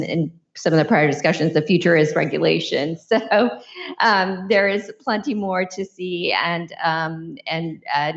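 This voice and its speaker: A woman wrapping up a panel discussion, speaking hesitantly with many fillers. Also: low voice. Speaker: panel moderator. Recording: dull, muffled sound.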